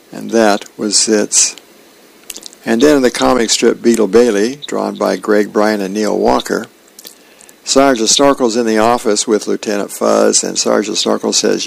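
A man reading newspaper comic strips aloud on the radio at a steady pace, acting out the characters. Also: fairly low pitch, moderate pace, vocal fry, poor audio. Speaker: radio reader.

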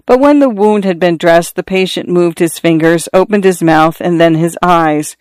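A reader narrating a story in a measured, even storytelling manner. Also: medium pitch, clear, resonant tone, no room sound. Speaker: audiobook reader. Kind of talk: scripted narration.

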